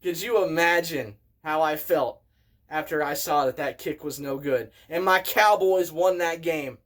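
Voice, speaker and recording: A man in his thirties, a vlogger telling a story in an excitable, animated way as a casual rant. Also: on the high side, a little slow. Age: 30s.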